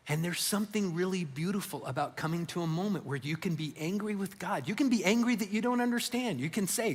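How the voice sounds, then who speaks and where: A middle-aged pastor with a high, slightly rough voice preaches a sermon a little fast, telling a personal story earnestly as his feeling swells. Long hall reverb surrounds him.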